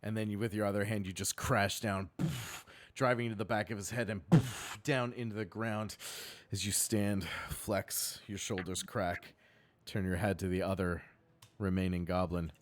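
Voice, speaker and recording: A man narrating as dungeon master in a live tabletop game, painting scenes vividly and breaking off for quick rules asides. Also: fairly low pitch, steady tone, dry recording.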